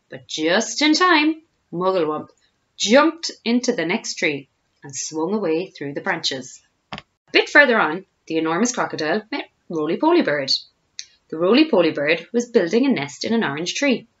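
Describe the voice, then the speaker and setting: Expressive Irish woman reading a storybook. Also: lowish voice. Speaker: teacher reading aloud. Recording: dull lo-fi home recording.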